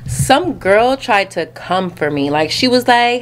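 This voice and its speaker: A young woman with a Southern US accent talks straight to her camera in a chatty, sassy vlog style, peppering her speech with "honey" and "y'all." Her pitch sits in an ordinary middle range. A faint background noise runs under the recording. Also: animated, takes it slowly. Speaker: vlogger. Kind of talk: casual vlog chat. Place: home closet.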